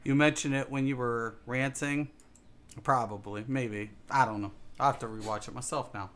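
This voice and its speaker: A man's voice: mid-range voice, steady tone, moderate pace, fairly bright tone, a little hiss or hum. A man streaming a game, ranting casually and swearing often as he repeats himself. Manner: ranting, profane, repetitive. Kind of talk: casual gaming stream talk.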